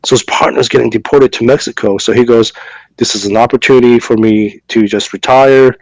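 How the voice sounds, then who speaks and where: Speaking fairly quickly at medium pitch with fairly even intonation, this man co-hosts a podcast while getting over a cough and fever. He chats his way through a long story, voicing both people in a conversation, with many fillers, repetitions and restarts. The audio is low quality, with no echo.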